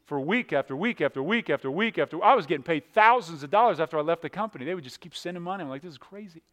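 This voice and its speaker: A man preaching a sermon as a pastor, moving between loud emphatic stretches and hushed ones, often repeating words as he goes. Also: fairly high pitch, animated, very fast.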